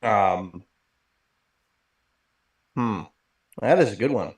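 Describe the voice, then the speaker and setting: A man's voice: fairly low pitch, lively intonation, extremely slow. Playful man in an echoey room. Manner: playful, teasing banter. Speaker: podcast co-host. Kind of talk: casual chat.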